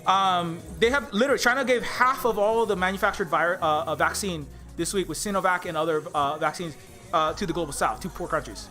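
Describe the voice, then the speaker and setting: Male streamer, high and tense delivery, angry cursing rant full of stammered restarts. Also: fairly quick, sharp tone, faint music behind. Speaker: indie game developer streaming live. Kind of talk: heated political rant on a livestream.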